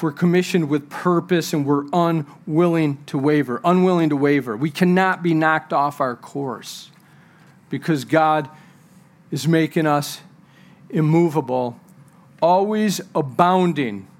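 A pastor with a fairly high-pitched voice preaches a sermon to his church. He quotes scripture, repeats key words for emphasis, and throws in joking asides to the congregation.

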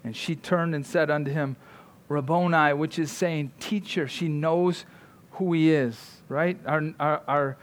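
A man's voice: a little high, steady tone, measured pace. A man preaching a sermon in a conversational way, often checking in with his listeners with "right?". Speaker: pastor.

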